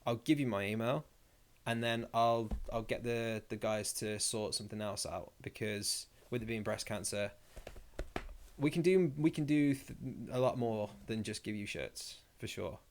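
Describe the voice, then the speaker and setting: A man's voice: fairly low pitch, normal speed, slight background noise. A young man hosting a casual live stream. He reads viewer comments aloud and rambles through his replies with jokey asides.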